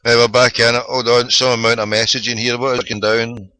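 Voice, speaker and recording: A man's voice: mid-range voice, flat delivery, brisk, pushed and bright, no room sound, faint music behind, poor audio. A middle-aged man with a Glaswegian accent hosting a phone-in podcast, ranting sarcastically and swearing freely in casual solo commentary. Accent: Scottish, Glaswegian.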